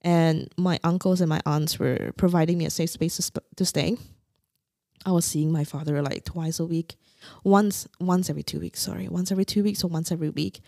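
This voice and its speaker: A young woman from Singapore calmly and candidly telling a painful personal story as a podcast guest. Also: on the low side, a little fast, creaky, dry recording, studio quality. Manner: candid, quietly recounting painful memories.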